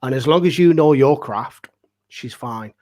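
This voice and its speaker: A man who performs as a pantomime dame, speaking as a guest in casual chat with halting, stammering starts. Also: medium pitch, dark tone.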